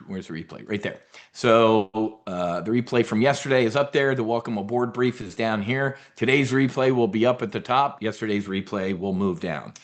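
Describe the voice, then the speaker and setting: Blunt middle-aged guy hosting a live trading webinar, kinda low voice, brash, swears a bit. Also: moderate pace. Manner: brash, blunt, swears, talks in military slang.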